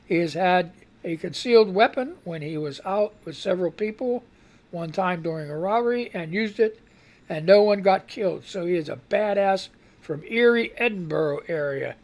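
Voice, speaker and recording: A man's voice: high voice, animated, moderate pace. Rambling male radio host. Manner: rambling, reads headlines aloud and reacts with outbursts. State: fighting a cough. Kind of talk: casual live news commentary.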